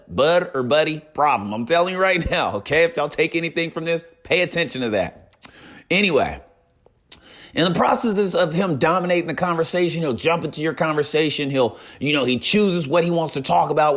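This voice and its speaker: A young man with a fairly high voice spins a casual story to his viewers. He talks in an animated way, keeps coming back to a catchphrase and acts out the other people's lines. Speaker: streamer telling a story.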